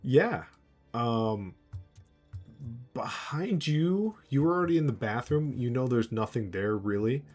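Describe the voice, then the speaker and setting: A man's voice: mid-range voice, lively intonation, measured pace, a little mellow, soft background music. A man narrating a tabletop game as game master, playful and laughing often.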